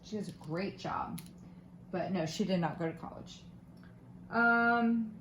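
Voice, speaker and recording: A woman's voice: medium pitch, measured pace, long pauses, fairly bright tone, a little hiss or hum. A woman in her thirties or forties with a slight Southern Florida twang, chatting casually while she crafts, rambling and self-deprecating with lots of fillers. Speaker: crafting vlogger.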